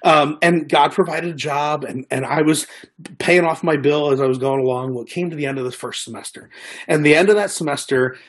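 Man, raspy and a touch high, animated testimony storyteller who voices the people he quotes. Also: fairly quick. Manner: animated, acts out quoted dialogue.

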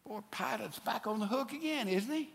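A man preaching a sermon, telling a story with lively delivery and acting out the voices of the people in it. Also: high-pitched, normal speed, vocal fry, long reverb tail.

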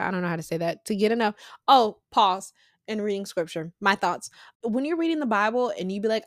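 A woman's voice: a little high, fairly quick, no room sound, clean studio sound. A young woman hosting a casual Bible study podcast, talking in an emphatic, conversational way with slangy asides. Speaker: podcast host.

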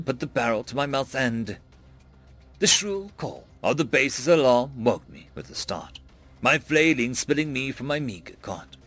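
Guy reading a war story out loud, voice moves around a lot, goes way up for the scared bits. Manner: voices characters' panicked shouts with big pitch jumps. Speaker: narrator. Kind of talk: dramatic first-person story narration.

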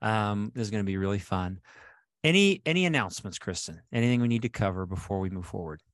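A man's voice: fairly low pitch, animated, fast, no room sound, studio quality. A man hosting a casual podcast, upbeat and rambling with fillers. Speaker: podcast host.

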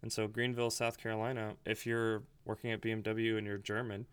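A man with a lowish, smooth voice chats casually, peppering his talk with "like" and "you know". The sound is close and dry. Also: a little fast, no echo. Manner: relaxed, filler-heavy, animated when quoting others. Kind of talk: casual chat.

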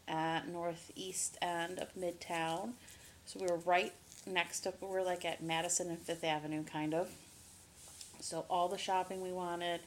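A woman's voice: fairly low pitch, a little hiss or hum. Chatty woman podcast co-host, laughing. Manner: chatty, laughs often, swears freely. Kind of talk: casual chat.

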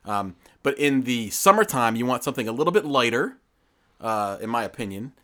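A middle-aged man co-hosting a podcast, chatting casually and jumping into high, excited tones. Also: a little fast. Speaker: podcast co-host. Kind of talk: casual chat.

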